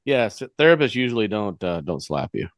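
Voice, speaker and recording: A man's voice: on the low side, very animated, a little fast, dry recording, studio quality. A man co-hosting a podcast, chiming in with short, laid-back replies and agreement. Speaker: podcast co-host. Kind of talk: casual movie chat.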